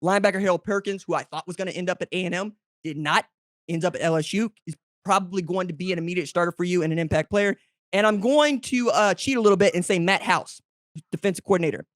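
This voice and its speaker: A man hosting a solo sports podcast, talking emphatically to fans in second person with big jumps in pitch. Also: quick pace, no room sound, clean studio sound. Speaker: podcast host.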